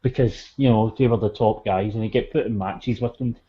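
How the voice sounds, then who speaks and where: Podcast co-host, casual sweary storyteller; dull audio. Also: male voice, lowish voice, steady tone, fairly quick. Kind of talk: casual chat.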